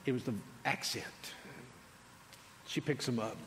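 A male pastor preaching a sermon, swinging between loud declarations and quiet asides. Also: mid-range voice, measured pace, a little hiss or hum. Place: large church sanctuary. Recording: long hall reverb.

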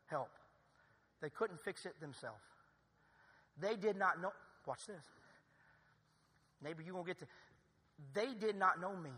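A male pastor preaching a sermon in a church, building to loud, emphatic cries. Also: sits high, husky, in a large hall. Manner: preaching with rising, shouted emphasis. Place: church sanctuary.

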